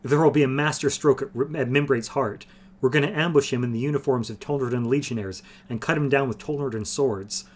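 A man's voice: medium pitch, brisk, pitched above the performer's own voice, lightly acted. A man doing a fiery young patriot. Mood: fervent. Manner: intense, hot.

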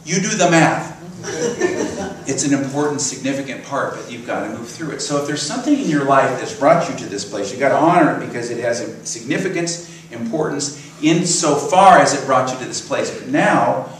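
A man's voice: mid-range voice, expressive, brisk, slight background noise. Male minister preaching in an echoey church. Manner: conversational storytelling with chuckles. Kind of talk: sermon. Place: church sanctuary. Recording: roomy echo, from far off, faint ambience.

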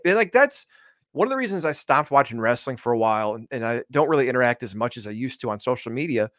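A man's voice: medium pitch, animated, fast, a bit bright, no room sound. Male co-host, sardonic and foul-mouthed, rambling, dry close sound. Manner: sarcastic, profane, rambling. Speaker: podcast co-host. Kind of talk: casual podcast chat.

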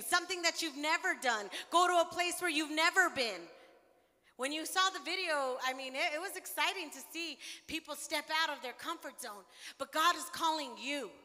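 A young woman with a high, bright, ringing voice delivers an impassioned sermon, building to shouted calls. Her words carry through a large church sanctuary, trailing a long hall reverb. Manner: passionate preaching, rising to shouts. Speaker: preacher.

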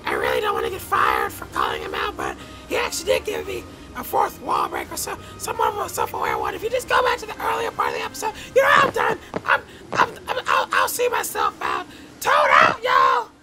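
A man voicing Toad, a hyper, goofy male mushroom sidekick, in a fan dub, rambling and shrieking in high falsetto. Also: wildly swooping pitch, brisk, creaky, shouting, music in the background, full character voice, low-quality recording. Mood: manic. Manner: shrieking, rambling, laughing at himself. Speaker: voice actor playing Toad. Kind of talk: fan-dub blooper outtakes.

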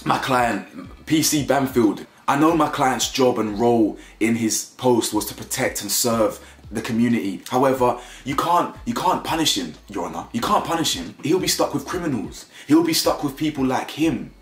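A man's voice: medium pitch, lively intonation, normal speed, close to an everyday voice. Mock impression: a smarmy pleading male lawyer, as a man puts him on, echoey room.

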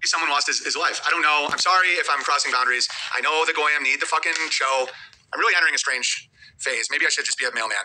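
A man's voice: on the high side, fast talker, pushed and bright, slight background noise. A man talking on a livestream in a rambling, muttering way, reading viewer chats aloud between thoughts.

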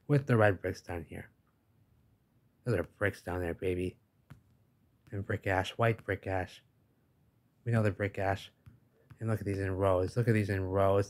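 A man's voice: low voice, a little mellow. A man narrating over pictures in a rambling way, often tacking on "baby" and "give me a break," and he says he is losing his voice. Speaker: video host.

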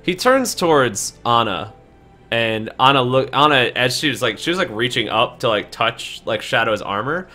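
A man's voice: mid-range voice, lively intonation, moderate pace, pushed and bright, soft background music. A man narrating a tabletop game as game master on a live stream, talking loosely with many fillers.

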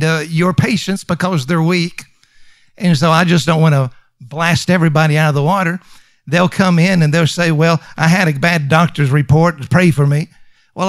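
High-voiced emphatic preacher man. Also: no echo. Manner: emphatic, repeats lines for stress; conversational with fillers and restarts. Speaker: pastor. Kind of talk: sermon.

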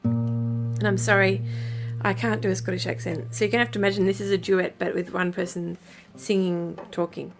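A woman's voice: medium pitch, little pitch movement, moderate pace, creaky, soft background music. A woman singer-songwriter hosting a live stream, chatty and giggly, speaking into a webcam mic.

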